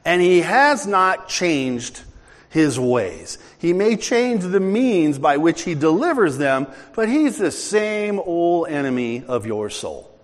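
Older male pastor, lively sermon delivery with acted-out dialogue, slightly high voice, reverberant hall. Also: slow pace. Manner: animated, conversational preaching with acted-out dialogue.

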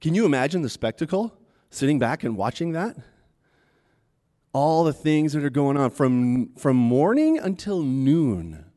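A man's voice: a little high, sing-song, a little slow, warm tone. A man preaching a sermon in a chatty, conversational way, retelling a story and acting out the taunts with a rising voice.

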